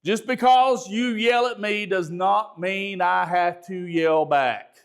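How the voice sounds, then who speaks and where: Middle-aged male bishop leading a class, naturally loud and emphatic, pitched high for a man. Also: slow, clean tone. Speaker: bishop teaching a ministry training session. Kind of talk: spoken teaching lecture.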